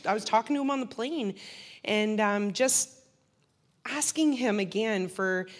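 A woman's voice: on the high side, a bit bright. A woman sharing a casual testimony with a church group, chatty, with frequent laughs and fillers. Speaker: church member giving a mission trip testimony. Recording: long hall reverb.

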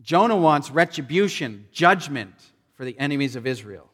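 A man preaching a sermon, retelling a scripture story with animated emphasis and acted-out voices. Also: on the high side, moderate pace, long reverb tail. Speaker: pastor.

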